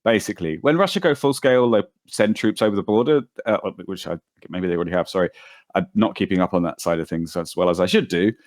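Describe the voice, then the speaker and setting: A man's voice: deep voice, quick pace, dry recording, studio quality. A British man co-hosting a casual podcast chat, rambling and breaking off mid-sentence, often laughing. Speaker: podcast co-host.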